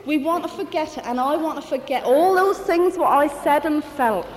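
A woman's voice: high-pitched, normal speed. A woman giving a rambling, fervent spoken testimony at a church meeting. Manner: rambling, fervent, with many restarts. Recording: hall reverb.

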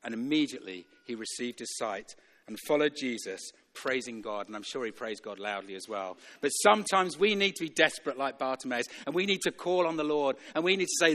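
A man's voice: medium pitch, lively intonation, a little fast, a bit bright. A man preaching a sermon in a church, emphatic and repetitive, chuckling now and then between points. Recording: long reverb of a church hall.

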